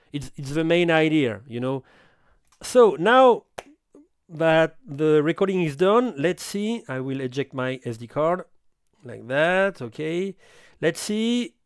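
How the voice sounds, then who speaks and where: Middle-aged French-accented male tutor, slow and stop-start, smooth clear tone. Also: a little high, darkish tone, dry recording, clean studio sound. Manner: halting, self-correcting non-native English. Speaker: audio gear reviewer. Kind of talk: hands-on equipment tutorial.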